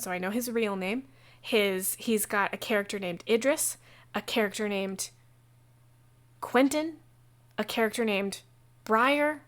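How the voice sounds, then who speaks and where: A woman game master talking casually on a livestream about running a tabletop session, chatty and digressive, with quick asides. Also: medium pitch. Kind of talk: casual how-to talk on a livestream.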